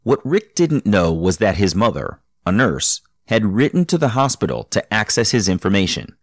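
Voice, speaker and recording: A man hosting a podcast, narrating a guest's story in a measured, explanatory way. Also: fairly low pitch, dry recording, studio quality. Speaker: podcast host. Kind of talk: scripted narration and interviewing.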